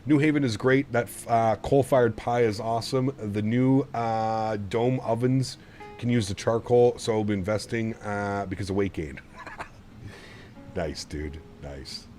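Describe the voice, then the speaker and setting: A man's voice: on the low side, unhurried, darkish tone, soft background music. A man streaming a flight simulator, chatting casually with his viewers in a rambling, easygoing way and laughing often. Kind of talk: casual livestream chat.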